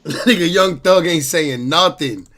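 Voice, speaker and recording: A man's voice: fairly high pitch, unhurried, sharp tone. A man joking loosely as he reacts to a clip and talks to his chat. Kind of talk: casual reaction commentary.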